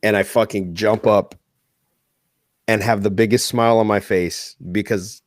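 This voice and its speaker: A man's voice: lowish voice, fairly even intonation, measured pace, no room sound. A man co-hosting a podcast, telling a personal story in casual chat with plenty of swearing. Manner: swears a lot in heartfelt storytelling. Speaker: podcast co-host.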